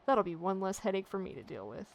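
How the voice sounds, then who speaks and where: A woman's voice: mid-range voice, sing-song, quick pace, slight background noise. A woman voicing a frazzled, put-upon warden. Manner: complaining, weary sailor dialect.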